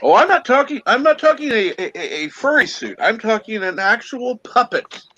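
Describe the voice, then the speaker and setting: A man's voice: very high voice, sing-song, normal speed, bright, forceful tone, dull audio. A man hosting a casual livestream chat with joking, irreverent asides. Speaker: host.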